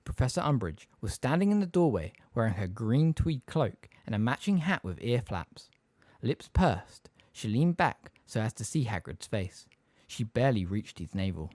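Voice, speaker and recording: A man narrating an audiobook in an expressive storytelling style. His pitch moves lively up and down through the lines. The recording is dry and close, with no room sound. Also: normal speed, no echo. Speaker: audiobook reader. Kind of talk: scripted narration.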